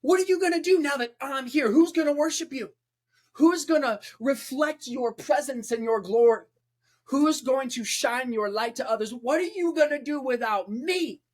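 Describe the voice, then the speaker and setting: Man doing resentful fallen-angel Lucifer, high and taunting, strained tone. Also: moderate pace. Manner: taunting rhetorical questions.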